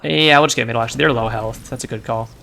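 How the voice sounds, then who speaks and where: A man's voice: mid-range voice, rapid-fire, gravelly, bright, forceful tone. A man giving casual, profane, sarcastic commentary while he plays a video game. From United States. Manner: brash, profane, sarcastic banter. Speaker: gameplay commentator.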